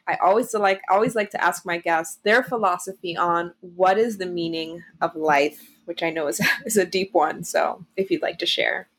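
A woman hosting an interview podcast, telling a story in an animated, excitable way. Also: on the low side. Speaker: podcast host. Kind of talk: casual conversational interview.

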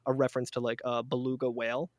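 A man's voice: mid-range voice, completely flat delivery, quick pace, no echo, clean studio sound. A man chatting as a guest on a casual podcast, rambling through a story with lots of fillers and restarts.

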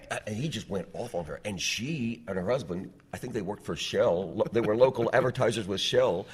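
A man telling a radio story in casual chat, acting out the quotes loudly. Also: fairly low pitch, a little fast, hardly any pauses, slightly rough. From Ohio. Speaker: radio personality guest.

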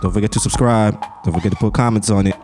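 A man's voice: fairly low pitch, fairly even intonation, quick pace. A man co-hosting a casual chat, teasing and laughing, with faint music behind. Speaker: co-host.

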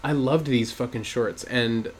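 A man's voice: medium pitch, a little slow. A man co-hosting a podcast in casual chat, rambling and laughing through crude banter. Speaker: podcast co-host.

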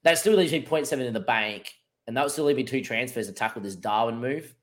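A man's voice: medium pitch, expressive, quick pace. A man co-hosting a fantasy football show, working through his options aloud in casual chat. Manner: thinks aloud through options, with frequent fillers. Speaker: podcast co-host.

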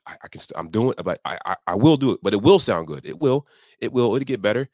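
Man, low voice, motivational podcast guest, emphatic, acts out inner voice, dry studio sound. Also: animated, fast, a little mellow, dry recording. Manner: emphatic, acts out his inner voice in pitch jumps. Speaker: accountability coach, guest. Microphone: studio podcast microphone.

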